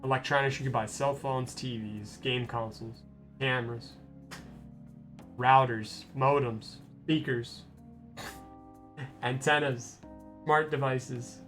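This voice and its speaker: A young male streamer with a mid-pitched voice tells a rambling story full of restarts and casual swearing. Faint game music plays under his voice. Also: steady tone, slow pace, long pauses, fairly bright tone. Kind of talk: casual gameplay stream chat.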